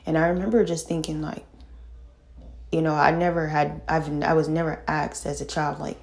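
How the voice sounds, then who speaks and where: A middle-aged woman telling a painful personal story in casual talk, halting and full of fillers and restarts, sighing and shaken. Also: low voice, flat delivery, gravelly, a little mellow. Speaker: vlogger telling her own story.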